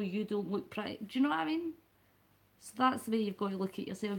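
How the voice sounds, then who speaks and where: A Scottish woman hosting a late-night live stream, talking casually and at length to her viewers and greeting them by name. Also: medium pitch. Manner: rambling and chatty, talks to the chat by name.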